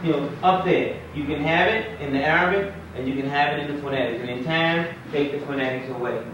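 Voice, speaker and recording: Imam lecturing a class in an echoey room. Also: male voice, on the high side, a little fast, background noise. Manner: conversational, quizzes the class with questions. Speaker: imam teaching Arabic. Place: mosque classroom. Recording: echoey room, distant mic, dull lo-fi 1990s tape.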